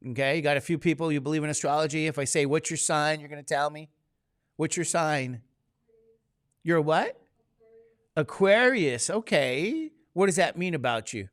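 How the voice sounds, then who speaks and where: A man's voice: fairly high pitch, normal speed, fairly bright tone, dry recording. Man lecturing a class, dry sound. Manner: conversational, keeps quizzing the class with questions. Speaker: statistics teacher.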